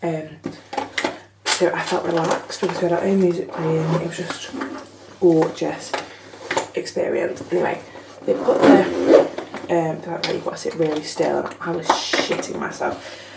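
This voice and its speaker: A woman's voice: on the low side, level tone, a little slow, creaky, heavy background noise. A young woman telling her story in a chatty, frank vlog, swearing casually. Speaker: vlogger. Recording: echoey room, slightly far from mic.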